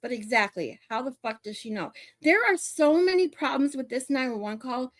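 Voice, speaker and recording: High-voiced woman reacting bluntly. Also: big pitch swings, no echo. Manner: blunt, swears, talks over paused clips. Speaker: true-crime commentary host. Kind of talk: casual reaction commentary.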